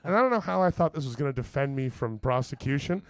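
Man, gravelly, animated storyteller, swears, dry close mic. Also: quick pace, no room sound. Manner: lively, acts out every character with big pitch swings; swears casually, says "like" often. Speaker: podcast co-host telling a story.

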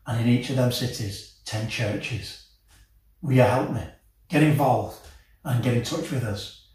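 A pastor delivers a passionate sermon in a mid-range, unhurried voice, captured from a distance in a very echoey hall. He builds to emotional peaks, then drops to a soft tone.

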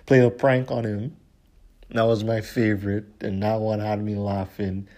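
A man's voice: fairly low pitch, little pitch movement, a little slow, dark tone. A man hosting his own podcast, talking casually in a profane, slangy way and often repeating "you know what I'm saying". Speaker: podcast host. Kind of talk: casual solo podcast talk.

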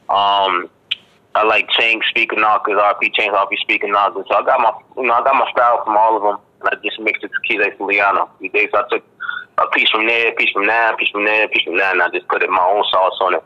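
A man from Boston, a rapper giving a relaxed interview in slangy talk full of fillers and "you dig.". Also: fairly low pitch. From Boston, Massachusetts. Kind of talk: casual interview chat. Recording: dull lo-fi line.

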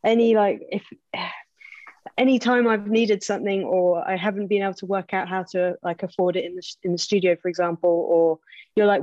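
A woman's voice: medium pitch, fairly even intonation, brisk, a little mellow, no room sound, lo-fi sound. A young woman hosting a casual podcast, chatty and full of fillers like "like". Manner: chatty, lots of "like", laughs along. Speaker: podcast host.

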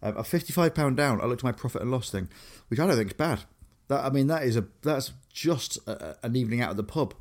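A man's voice: medium pitch, lively intonation, fast talker. A young man from Grimsby, England, co-hosting a casual chat, rambling with lots of fillers and restarts. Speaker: podcast co-host.

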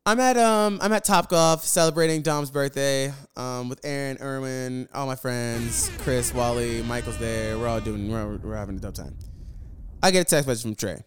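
A man's voice: medium pitch, moderate pace, soft background music. A young man telling viewers a storytime rant about his roommate, exasperated and profane, repeating phrases for emphasis. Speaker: vlogger.

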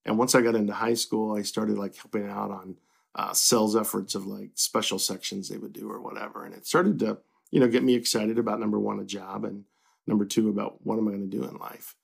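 Gravelly-voiced middle-aged man, low and unhurried. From Kentucky. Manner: relaxed and reflective, with many fillers and restarts. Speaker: newspaper publisher, guest. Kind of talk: casual interview.

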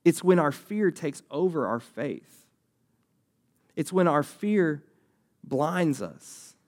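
A young man delivering a sermon as a youth pastor, with a somewhat higher voice. He keeps it conversational and lively, and now and then acts out the voices of people in the story. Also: slow pace.

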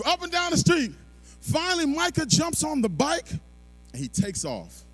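Man preaching, high voice and lively swings. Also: unhurried, pauses often, a little hiss or hum. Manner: animated preaching, swings from quiet storytelling to shouting. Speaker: pastor. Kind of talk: sermon.

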